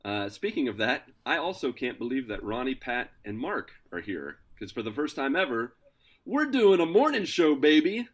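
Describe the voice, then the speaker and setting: A man hosting a casual podcast, introducing his co-hosts with energetic, playful hype. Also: mid-range voice, moderate pace. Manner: energetic, hyped, playful announcer delivery. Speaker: podcast host.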